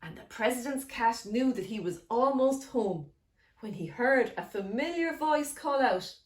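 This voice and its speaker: A woman's voice: on the high side, a little slow, echoey room. A woman reading a picture book aloud to children, often speaking to them directly. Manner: animated, addresses children directly.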